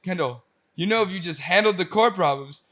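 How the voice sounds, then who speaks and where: A man co-hosting a casual podcast, teasing his friend with quick wisecracks. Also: sits high, pushed and bright. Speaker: podcast co-host. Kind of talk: casual chat.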